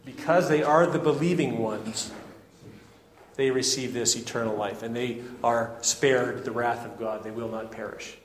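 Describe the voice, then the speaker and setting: A man preaching an expository sermon in an earnest, deliberate way, often restarting his phrases. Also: mid-range voice, a little hiss or hum. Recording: echoey hall with faint ambience.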